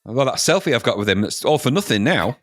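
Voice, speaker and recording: A man co-hosting a casual podcast chat, deadpan and teasing as he spins running jokes. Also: mid-range voice, quick pace, no room sound, studio quality. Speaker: podcast co-host.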